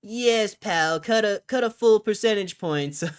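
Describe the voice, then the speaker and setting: Over-the-top sarcastic cheerleader, put on by a man: very high, loud, and shrill. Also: a little slow, clear, resonant tone, no echo, clean studio sound. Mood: sarcastic cheering.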